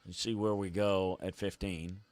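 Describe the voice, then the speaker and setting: A man hosting a draft show, thinking aloud in halting, casual commentary and getting excited when news comes in. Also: low-pitched, dry recording.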